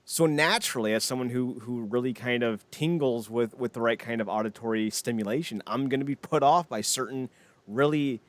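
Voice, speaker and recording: A man's voice: mid-range voice, fairly bright tone, no echo. A man co-hosting a wrestling podcast, casual chat, opinionated, rambling and jokey. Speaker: podcast co-host.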